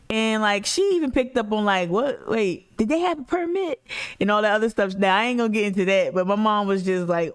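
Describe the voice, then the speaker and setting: Smooth-voiced woman livestreaming. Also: medium pitch. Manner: blunt, emphatic, slangy, talks to chat. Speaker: activist livestream host. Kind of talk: casual livestream chat.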